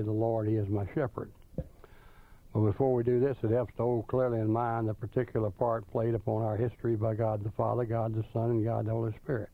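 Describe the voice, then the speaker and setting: A man preaching a sermon, reading scripture slowly and deliberately, with small restarts. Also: lowish voice, dry recording. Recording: tinny phone-like line, dry.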